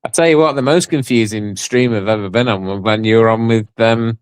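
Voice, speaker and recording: A man's voice: on the low side, fairly quick, smooth, dry recording. A man chatting as a guest on a livestream, joking, teasing the host and laughing often. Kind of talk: casual chat on a livestream.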